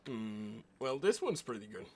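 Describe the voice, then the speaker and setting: A man's voice: fairly low pitch, big pitch swings, normal speed, a little hiss or hum. A man streaming a western roleplay game, chatting casually, laughing often and swearing freely. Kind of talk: casual chat while playing a roleplay game.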